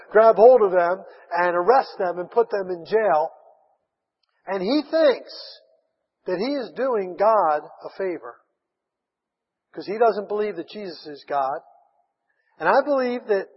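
A man preaching a sermon, retelling a Bible story with lively acted-out voices. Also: sits high, husky. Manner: animated storytelling, acts out voices of Bible figures. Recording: dull sound with long hall reverb.

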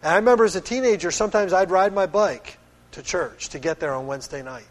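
A middle-aged Pennsylvania pastor preaches a sermon in a high-pitched voice at a quick pace. He is earnest and firm yet conversational, and the recording carries long hall reverb.

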